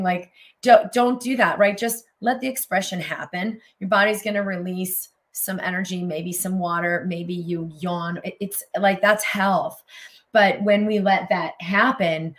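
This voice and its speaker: Woman co-host, low-pitched, emotive, effusive and flowing in casual talk. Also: fairly even intonation, measured pace. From United States. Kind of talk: casual conversation.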